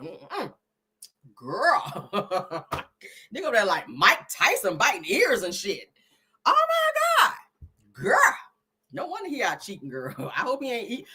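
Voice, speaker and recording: A woman's voice: a little high, bright, forceful tone, breathy edge. A woman hosting a casual gossip commentary live stream, brash and profane, laughing often and calling her viewers "girl.". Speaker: host.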